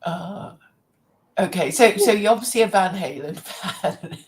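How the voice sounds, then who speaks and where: A woman hosting a casual chat, lively and given to repeating words. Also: mid-range voice, unhurried. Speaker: host.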